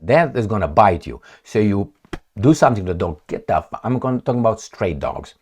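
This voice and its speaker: Animated man, sarcastic commentary. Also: fairly low pitch, fairly quick, breathy edge. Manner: animated, sarcastic, acts out imagined dialogues. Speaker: political commentator. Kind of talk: opinionated news commentary.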